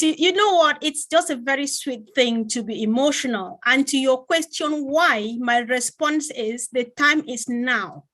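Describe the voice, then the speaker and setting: A woman's voice: high-pitched, a bit bright. A woman hosting an online event, effusive and emotional as she introduces speakers. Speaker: event host.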